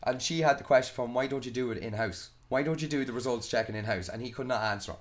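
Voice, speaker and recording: A man's voice: mid-range voice, fast talker. A young Irish man ranting in a casual podcast chat, swearing a lot and retelling arguments. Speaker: podcast host.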